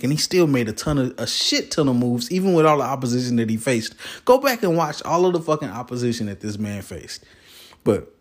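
A man in a heated, rambling political rant, swearing freely and getting worked up. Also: on the low side. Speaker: vlogger.

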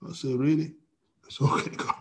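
Husky storytelling male pastor. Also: medium pitch, level tone, fairly quick. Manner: storytelling with quoted dialogue, wide swings in loudness. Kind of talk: sermon. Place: church service via video call.

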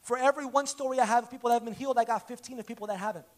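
Male preacher, unusually high voice, animated storyteller, conversational sermon. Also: rapid-fire. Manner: animated, acts out dialogue in stories.

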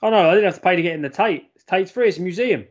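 A man's voice: sits high, racing. Young bloke swearing his way through podcast banter, sounds kinda muffled. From London. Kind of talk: casual chat. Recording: dull lo-fi audio.

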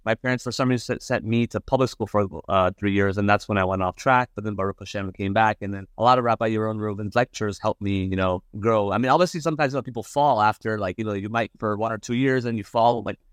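A young man from Los Angeles, a podcast guest telling his story casually, halting with lots of fillers. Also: lowish voice, clear, resonant tone, dry recording, clean studio sound. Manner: halting, many fillers and restarts.

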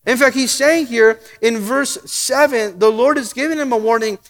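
A man preaching a sermon with a notably high voice. He slows down to read scripture and chuckles between points, and his voice carries a long reverb like a big hall. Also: fairly bright tone. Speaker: pastor.

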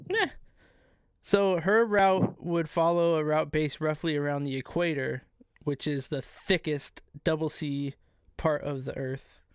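A man co-hosting a casual podcast, telling history in a profane, excitable way. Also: fairly high pitch, measured pace, clean tone, no echo, clean studio sound. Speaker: podcast co-host. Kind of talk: casual chat.

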